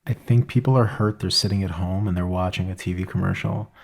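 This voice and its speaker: A man hosting a podcast interview as a lawyer, prompting his guest and making a persuasive pitch. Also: fairly even intonation, fairly quick, vocal fry. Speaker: host and lawyer.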